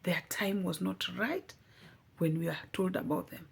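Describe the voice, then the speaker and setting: Young woman vlogger, slow deliberate delivery, earnest and pleading, husky tone. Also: fairly low pitch. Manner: earnest, pleading, repeats for emphasis. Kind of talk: heartfelt personal testimony.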